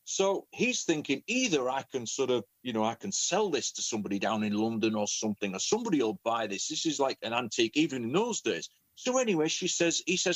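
Man telling a family story, lively, says words twice a lot, dry close sound. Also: mid-range voice, a little fast, no echo. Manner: animated, repeats words as he talks. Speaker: professional storyteller and children's author. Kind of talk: conversational storytelling.

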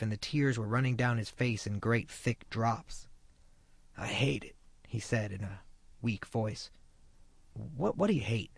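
A man narrating his own memoir of jail life in a measured, somber way. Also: mid-range voice, no echo. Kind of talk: first-person memoir narration.

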